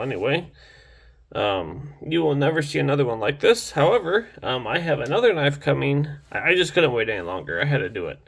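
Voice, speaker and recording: A man's voice: fairly high pitch, vocal fry, breathy edge. A young man casually reviewing a knife in a rambling, enthusiastic vlog, full of restarts and fillers.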